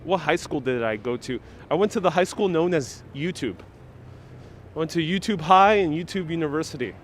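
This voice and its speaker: Walking a city street outdoors, a man hosts a joking live stream, sarcastic and playful, laughing between gags. His expressive voice sits a little high at normal speed, picked up on a wireless lapel mic with faint traffic behind.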